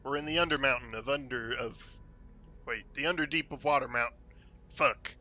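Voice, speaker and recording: A man's voice: medium pitch, moderate pace, bright, forceful tone, lo-fi sound. A man playing in a tabletop game, joking around and swearing freely. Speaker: player. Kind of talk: casual tabletop role-play.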